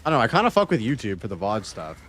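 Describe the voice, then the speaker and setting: A man's voice: lowish voice, wildly swooping pitch, racing, a bit bright, a little hiss or hum. A man from Canada streaming a game, chatting casually with his viewers and swearing freely. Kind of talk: casual livestream chat.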